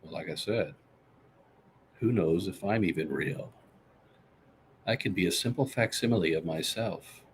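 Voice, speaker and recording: A man with a somewhat low voice hosts a loose, chatty live show. He talks about himself in the third person with swaggering bravado and answers viewers' comments as they come in. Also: unhurried, long pauses, a little hiss or hum. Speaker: podcast host. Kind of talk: casual live-stream chat.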